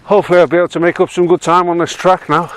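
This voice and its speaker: Speaking rapid-fire in a high, level voice, a Yorkshire walking guide vlogger chats casually as he crosses windy open moorland. He pokes fun at himself and laughs a lot during his walking commentary.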